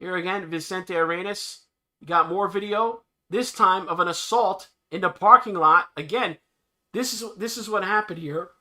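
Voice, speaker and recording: A man hosts a livestream and reacts to news clips with sarcastic commentary. His voice sits high and sounds very bright, with frequent laughter that keeps his tone mocking. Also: normal speed. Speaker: livestream host.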